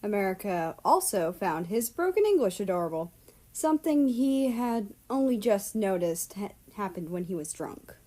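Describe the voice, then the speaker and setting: A woman's voice: mid-range voice, big pitch swings, normal speed, warm tone. A woman narrating fanfiction aloud in a casual reading style with the odd swear. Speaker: fanfiction reader. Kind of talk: storybook narration.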